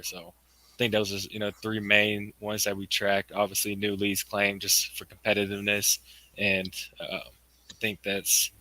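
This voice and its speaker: A man's voice: lowish voice, sharp tone, rough recording. A man explaining team tracking in a casual way, saying "you know" often.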